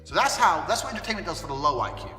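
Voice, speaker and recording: A man delivering a blunt, profane ranting monologue, his delivery forceful and swinging between loud and quiet. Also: a little high, very animated, very fast. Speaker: commentator on culture. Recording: distant, echoey room with long reverb and faint music.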